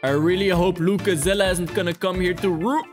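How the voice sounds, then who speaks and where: A man with the hiccups, a gaming video host, chatting excitedly and yelping in alarm as he plays. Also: high-pitched, fairly quick. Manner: jumpy and animated, yelping often. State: has the hiccups. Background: background music.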